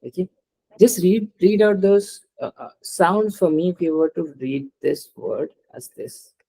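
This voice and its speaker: A man's voice: high voice, lively intonation, a little slow, creaky, dark tone, poor audio. A man teaching French in a one-on-one lesson, patiently explaining rules step by step and asking his student to read aloud.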